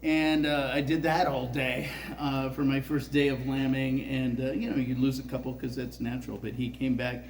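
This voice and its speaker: A man's voice: medium pitch, level tone, normal speed, few pauses, a little hiss or hum, low-quality recording. A man in his sixties telling a rambling, profane personal story on a festival stage, full of filler words. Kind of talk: live storytelling.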